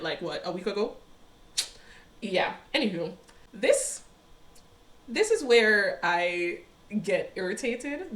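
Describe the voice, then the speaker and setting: A young woman casually recapping a series, sassy and animated, with slang and quick asides. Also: mid-range voice, roomy sound. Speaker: recap vlogger.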